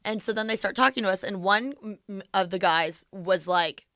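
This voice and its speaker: A woman's voice: mid-range voice, normal speed, bright, forceful tone, dry recording, studio quality. A young woman hosting a podcast, casually telling a story and imitating the people in it. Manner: chatty, imitates people in her stories. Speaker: podcast host.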